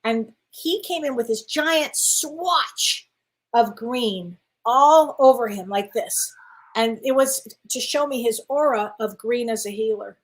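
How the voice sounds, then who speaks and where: A woman co-hosting a chat show, telling a personal story in an animated way and acting out the dialogue. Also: fairly high pitch, slow pace. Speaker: co-host.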